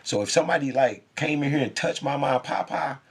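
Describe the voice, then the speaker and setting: Guy with a gravelly rough voice going on and on about spirits, intense, swears a lot. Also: a little high, fast. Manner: intense, profane, laughs often. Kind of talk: rambling spiritual monologue.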